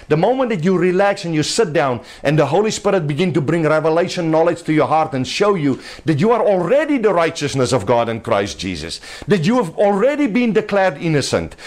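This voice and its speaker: A man preaching a sermon to a small home gathering, in an emphatic, conversational way with a little laughter. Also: a little high.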